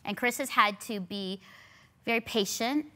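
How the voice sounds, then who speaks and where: Woman host in her 40s, bright, ringing tone, animated on-stage chat. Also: fairly high pitch, measured pace. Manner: animated, emphatic repetition. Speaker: show host. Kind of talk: casual on-stage conversation. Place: studio stage with live audience.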